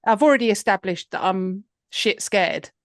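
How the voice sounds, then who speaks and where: Encouraging woman, mid-pitched voice. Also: animated, moderate pace, no echo, studio quality. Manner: agreeable, encouraging, chatty, casual swearing. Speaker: podcast co-host. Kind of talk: casual chat.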